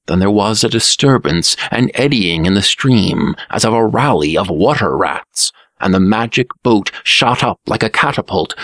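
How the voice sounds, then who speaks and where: A man narrating a fairy tale aloud in a lively, expressive reading. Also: medium pitch, no room sound, studio quality. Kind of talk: storybook narration.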